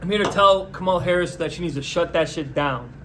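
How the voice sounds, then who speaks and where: A man's voice: fast, slight background noise. Sarcastic man ranting solo. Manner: sarcastic, mocking, deadpan pitching. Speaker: podcast host. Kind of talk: solo comedic political rant.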